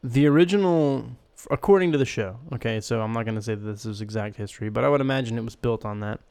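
A man co-hosts a casual podcast. His voice is smooth and clear. He talks in an animated, joking way and swears without restraint. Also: medium pitch, quick pace. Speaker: podcast co-host. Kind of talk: casual chat.

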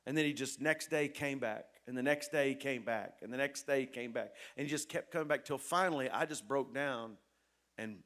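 A pastor telling a story in a sermon, earnest and repetitive, dropping soft and then rising loud. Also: male voice, mid-range voice, brisk.

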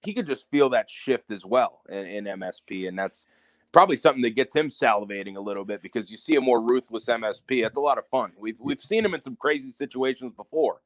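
A man speaks at a middle pitch in an easy, conversational way, thinking aloud as he goes. His voice is close to the mic and dry, with no echo. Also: animated, fast. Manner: conversational, reflective, some fillers. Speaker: podcast co-host, wrestling promoter. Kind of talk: casual wrestling podcast chat.

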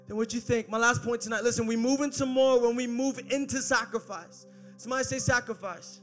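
A young male preacher with a high, bright voice delivers a sermon in church. He moves from hushed, close passages to shouted peaks and throws jokes at the congregation. Faint music plays behind him. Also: fairly even intonation, brisk. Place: church service, live.

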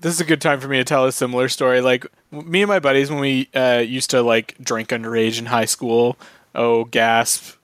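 A man's voice: medium pitch, fast, hardly any pauses, dry recording. Laid-back man, dry close sound. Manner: relaxed, laid-back storytelling with swearing. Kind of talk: casual chat.

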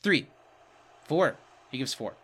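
A man co-hosting a podcast in casual trivia chat, animated and laughing often. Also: medium pitch, slow, husky. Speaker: podcast co-host.

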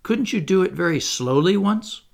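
A man doing an eager, excitable schoolboy. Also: high voice, normal speed, vocal fry, voice pushed up. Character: eager, practical young schoolboy.

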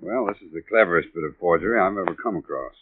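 Deep-voiced, factual sergeant played by an actor, dry close sound, tinny radio. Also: male voice, fast, a little hiss or hum, natural voice. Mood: matter-of-fact. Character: matter-of-fact police sergeant, handwriting expert. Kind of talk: 1940s radio acting.

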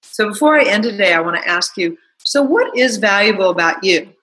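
A woman giving a chatty motivational talk, asking listeners rhetorical questions and telling animated stories. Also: mid-range voice, fairly quick, low-quality recording. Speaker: self-help talk host. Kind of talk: motivational monologue.

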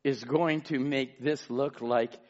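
A man preaching a sermon as pastor, swinging between emphatic shouts and hushed asides and calling out listeners by name. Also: medium pitch, steady tone, slow pace. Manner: calls out congregation members by name. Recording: dull lo-fi sermon recording.

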